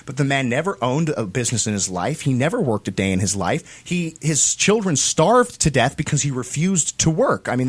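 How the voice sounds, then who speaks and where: Animated, emphatic American man. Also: mid-range voice. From United States. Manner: animated, emphatic, repeats phrases for stress. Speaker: co-host of a commentary show. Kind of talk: opinionated political commentary.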